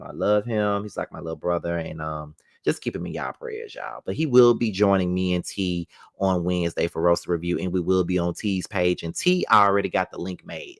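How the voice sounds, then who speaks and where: A man giving a casual, sassy live review of a reality show, animated and swearing freely. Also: sits low, gravelly.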